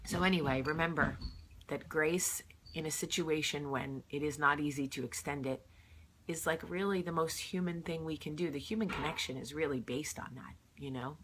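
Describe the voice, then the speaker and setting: A woman's voice: deep voice, moderate pace, fairly bright tone, slight background noise. A woman who is unwell, telling a personal story to camera in a casual, earnest, heartfelt way. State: sick. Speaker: vlog host.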